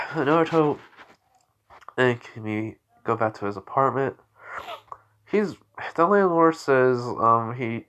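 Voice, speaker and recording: A man's voice: medium pitch, fairly bright tone. Tired young man rambling through a story. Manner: rambling, tired, sighs often. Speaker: fan storyteller. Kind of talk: improvised fan-fiction narration.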